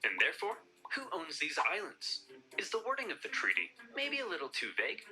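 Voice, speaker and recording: A man narrating a comedic animated history in a wry, playful, theatrical manner. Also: on the high side, a little fast, poor audio. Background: music.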